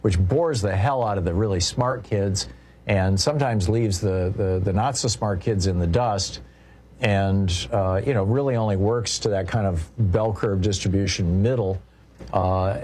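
A man's voice: on the low side, normal speed, darkish tone, a little hiss or hum. A man hosting a talk radio show, delivering a discursive monologue from a radio studio with many fillers and restarts.

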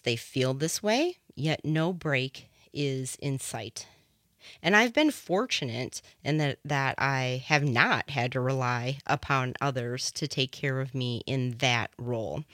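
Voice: medium pitch, fairly bright tone, no room sound. A radio talk show host giving impassioned, personal commentary into a studio microphone.

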